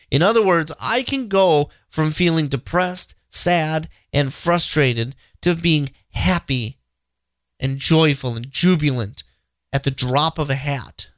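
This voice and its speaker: A man's voice: a little high, measured pace, fairly bright tone, no room sound, studio quality. A man in his thirties hosting a faith podcast, talking earnestly and repeating himself with many restarts. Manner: earnest, repetitive, frequent restarts. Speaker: podcast host. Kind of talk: inspirational faith talk.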